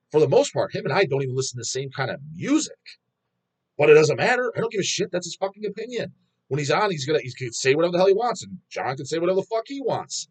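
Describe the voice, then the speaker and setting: A man's voice: mid-range voice, breathy edge. A man hosting a metal channel, ranting bluntly in a rambling, profanity-heavy vlog monologue.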